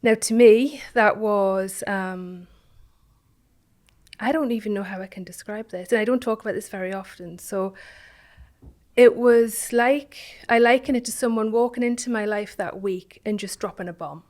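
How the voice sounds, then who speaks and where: A woman speaks as an interview guest, her voice sitting at an ordinary middle pitch. She tells her story in a reflective, halting way, restarting phrases and letting them fade softly. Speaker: guest, founder of an online business community.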